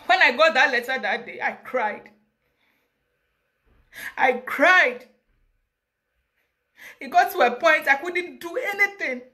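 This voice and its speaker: Passionate high-voiced Ghanaian woman. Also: bright, forceful tone. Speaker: interview guest. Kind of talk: emotional personal account.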